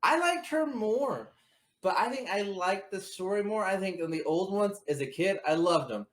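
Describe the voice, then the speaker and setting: A man's voice: sits high, fairly quick. A man co-hosting a casual movie chat, blunt and crude, swearing freely. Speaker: podcast co-host.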